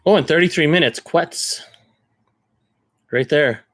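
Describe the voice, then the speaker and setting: A man from Canada talks casually on a live stream, rambling and thinking aloud as he goes. His voice sits in a middle pitch. The sound is dry and close, with no room around it. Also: moderate pace, fairly bright tone, no room sound. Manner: rambling, thinks aloud while browsing listings. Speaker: card collector streamer.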